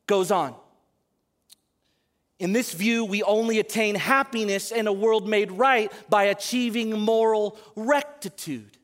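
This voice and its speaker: A man preaching a sermon to a congregation, animated, moving between loud emphatic calls and quiet asides. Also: high voice, a little slow. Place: church service in front of a congregation.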